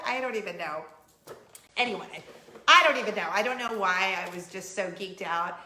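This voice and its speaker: Giddy woman chatting to camera, bright voice, echoey room. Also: fairly high pitch, a little slow, a little hiss or hum. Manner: animated, giddy storytelling with acted quotes. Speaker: vlog host. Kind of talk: casual chat to camera. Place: home in Orlando.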